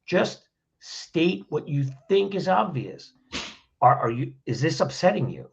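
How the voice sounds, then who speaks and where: A man's voice: on the high side, sing-song, measured pace, gravelly, husky. Plainspoken man with a muffled sound. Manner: repeats words, restarts phrases, plainspoken. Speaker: guest on a podcast. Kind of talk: conversational advice on handling anger.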